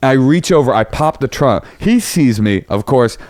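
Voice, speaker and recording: A man tells a story on a podcast, his pitch leaping up and down as he acts out each quote. He curses freely and keeps it animated. The sound is dry and close, with no room echo. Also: moderate pace. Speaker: comedian guest.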